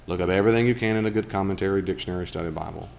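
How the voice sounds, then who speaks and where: A man leading a casual Bible study group, chatty and animated, talking with asides to the people in the room. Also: low voice, very fast, gravelly, slight background noise. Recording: live room recording, faint background.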